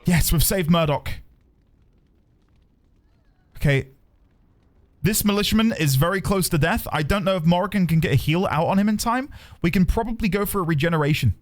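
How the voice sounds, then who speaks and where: Excitable high-voiced streaming gamer man. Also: normal speed, pauses often. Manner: excitable, shouting at the action. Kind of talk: live gameplay commentary. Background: loud game music.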